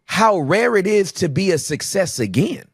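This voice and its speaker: A man talks as a podcast guest in a playful, emphatic way. His voice is fairly high for a man and very lively in pitch, and the recording is dry and close, with no room echo. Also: moderate pace, breathy edge. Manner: playful, emphatic talker who acts out voices. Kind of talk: casual conversation.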